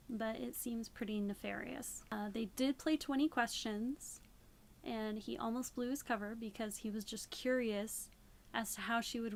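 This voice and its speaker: A woman's voice: fairly high pitch, gravelly. A young woman recapping a book in a casual, sarcastic, rambling way, a bit tipsy. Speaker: book reviewer. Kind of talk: casual spoken book review.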